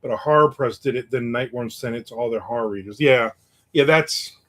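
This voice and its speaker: A man's voice: mid-range voice, a little fast, a bit bright. A middle-aged man hosting a casual livestream, rambling about his weekend and reading viewer comments aloud. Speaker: livestream host.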